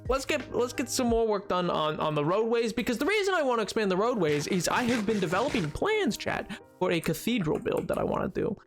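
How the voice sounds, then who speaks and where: A young man live-streaming a building game, rambling casually to his chat and joking at his own expense. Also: high voice. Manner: rambling, self-mocking, talks to chat.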